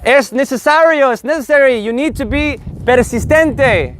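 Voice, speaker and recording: Man, very high voice, animated, joking Spanish teacher, repeats words slowly, faint street noise. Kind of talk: live online language lesson.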